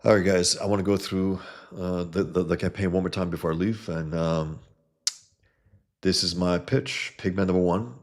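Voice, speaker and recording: A man's voice: sits low, fairly even intonation, normal speed. A man hosting a casual livestream, talking enthusiastically about comic art and reading chat messages aloud, with blunt profane asides.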